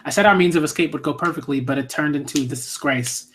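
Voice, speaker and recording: A man reading aloud the lines of a loyal male retainer who is full of remorse toward his king, in an earnest, measured way. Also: a little high, a bit bright, natural voice. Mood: remorseful.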